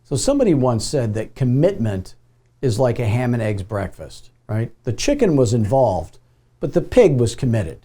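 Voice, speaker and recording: A man's voice: mid-range voice, very animated, normal speed, warm tone. A middle-aged man coaching real estate agents in a casual, anecdotal way, acting out the dialogue of his stories. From Phoenix, Arizona. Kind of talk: motivational video talk with storytelling.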